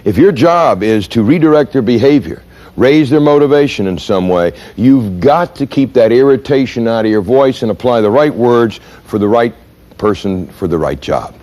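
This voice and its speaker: A man's voice: medium pitch, lively intonation, normal speed, mellow. A man giving a training lecture in an emphatic way, often putting questions to his audience.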